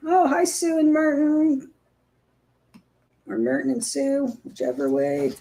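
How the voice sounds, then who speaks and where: A woman's voice: high voice, big pitch swings, slow, creaky, dark tone. A woman hosting a casual live stream, chatting with viewers and cooing at her puppy.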